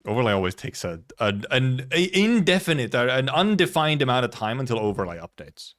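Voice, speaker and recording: Rambling streamer, laughs a lot. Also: male voice, mid-range voice, very animated, brisk, a bit bright. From Finland. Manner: rambling, laughs often, swears casually. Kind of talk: casual livestream commentary.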